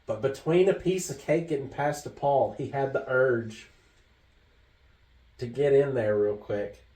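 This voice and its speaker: A man's voice: medium pitch, measured pace. A man co-hosting a podcast, telling a story casually and animatedly. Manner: animated, laughs through the story. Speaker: podcast co-host. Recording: roomy echo, mic far off.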